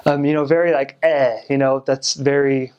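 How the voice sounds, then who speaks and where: Young american guy, ex-missionary, lots of um and like, kinda hesitant, average pitch. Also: flat delivery, brisk, darkish tone, smooth. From United States. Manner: hesitant, many fillers and restarts. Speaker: returned missionary. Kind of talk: casual explanation.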